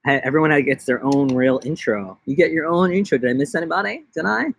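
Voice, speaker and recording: A man's voice: animated, fast talker, gravelly, slightly rough, no echo. Jokey young man live-streaming outdoors. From New York. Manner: jokey, rambling, slips into silly high-pitched voices. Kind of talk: casual live-stream chat. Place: outdoors in a backyard.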